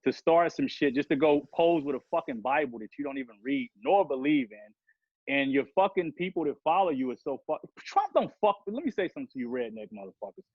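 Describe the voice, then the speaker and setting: A man's voice: fairly high pitch, very animated, a little fast, breathy edge, dry recording. A man ranting heatedly and profanely on a podcast, rambling from one grievance to the next. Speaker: podcast guest rapper. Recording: dull lo-fi sound.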